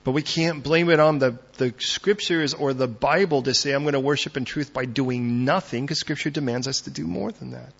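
Gravelly male pastor preaching a sermon. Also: mid-range voice, moderate pace, few pauses, lo-fi sound. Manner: dramatic, swings from loud to hushed.

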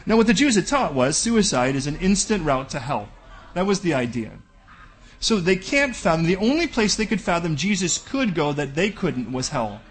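Husky, high-voiced preaching pastor. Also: male voice, sing-song, normal speed. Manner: bold, direct preaching that acts out dialogues. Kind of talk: sermon.

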